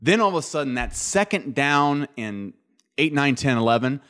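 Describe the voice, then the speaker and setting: A man's voice: mid-range voice, animated, normal speed, a bit bright. A man co-hosting a sports talk podcast, building his points step by step in a casual, thoughtful way.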